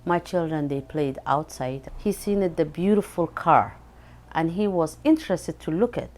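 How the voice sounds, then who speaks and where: A woman telling her story in an interview, in halting, non-native English with many fillers and restarts, and with strong feeling. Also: deep voice, darkish tone. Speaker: parent sharing her experience. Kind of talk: interview testimony.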